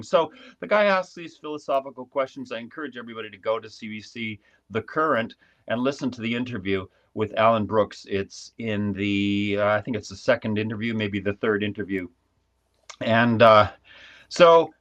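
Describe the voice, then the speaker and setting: A man telling a long story in a casual live video chat from his small dark home studio, with frequent restarts. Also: mid-range voice. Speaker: guest commentator. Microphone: video call.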